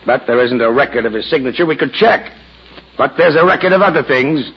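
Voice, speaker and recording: An actor playing a brisk, persuasive male business associate, in 1940s radio acting style. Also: medium pitch, lively intonation, slightly rough. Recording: dull old radio recording.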